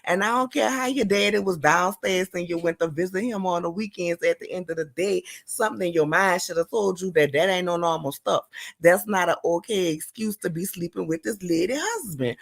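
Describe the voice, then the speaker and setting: Sassy caller, woman with a New Orleans accent, gravelly fry in the voice. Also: on the low side, fairly quick. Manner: sassy, emphatic, scolding. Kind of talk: call-in commentary.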